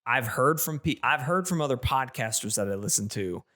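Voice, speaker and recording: A man venting on a gaming podcast in a lively, ranting rush, tripping over his words and restarting sentences. His voice sits at an ordinary middle pitch, close to the mic. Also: moderate pace. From not British. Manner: animated, ranting, many restarts. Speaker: podcast co-host. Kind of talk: casual gaming podcast chat.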